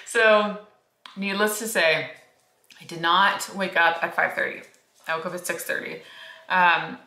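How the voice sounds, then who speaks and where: A woman's voice: mid-range voice, bright, forceful tone, echoey room. A woman in her thirties chatting casually to the camera at home, telling family stories with frequent laughs. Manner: chatty storytelling, often laughing. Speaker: vlogger.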